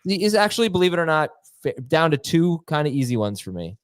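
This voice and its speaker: A man's voice: a little high, very animated, no echo. Guy hosting a live fantasy q&a, voice bouncing up and down, dry close sound. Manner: quick, playful, reads viewer questions. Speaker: show host.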